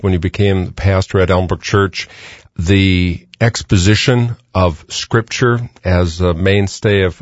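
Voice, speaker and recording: A man asks measured, thoughtful questions as an interviewer. His voice sits low. The sound is dry and slightly muffled. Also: dry recording.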